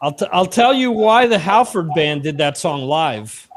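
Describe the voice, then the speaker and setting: Rambling, high-voiced American man hosting. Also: lively intonation, moderate pace, a little hiss or hum. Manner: chatty, rambling with many restarts. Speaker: podcast host. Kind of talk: casual livestream chat.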